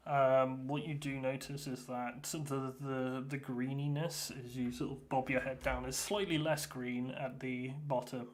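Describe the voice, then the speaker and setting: A man runs a tabletop role-playing session as game master. He talks in a hesitant, halting way, full of fillers and restarts, at an ordinary pitch. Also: flat delivery, a little hiss or hum.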